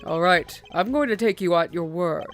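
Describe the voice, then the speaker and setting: A woman voicing a composed, polite male prosecutor in a video game, speaking in a measured, formal way. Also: lowish voice, lively intonation, faint music behind, pitched below the performer's own voice.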